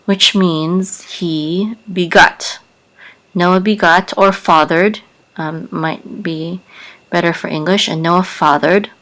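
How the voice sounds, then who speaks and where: Slow, low-voiced woman teaching softly. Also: steady tone, low-quality recording. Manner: soft-spoken, careful, spells out sounds with many fillers. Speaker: Hebrew teacher. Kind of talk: slow, patient language lesson.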